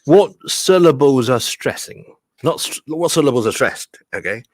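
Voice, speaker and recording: Children's storyteller, man, Hong Kong English accent, animated teacher delivery. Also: mid-range voice, moderate pace, dry recording, clean studio sound. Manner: animated, code-switching, stressing words for children. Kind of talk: bedtime story reading and English tips for kids.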